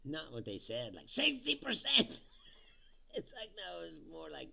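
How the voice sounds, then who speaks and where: A man's voice: fairly high pitch, wildly swooping pitch, moderate pace, gravelly, sharp tone, slight background noise. A man hosting a livestream, giving a casual, profane political rant with sarcastic asides and chuckles at his own jokes.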